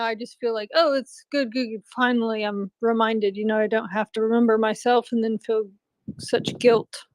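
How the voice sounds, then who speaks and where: A woman's voice: on the high side, no echo. A woman chatting casually, filling her talk with "um" and "you know". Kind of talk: casual chat.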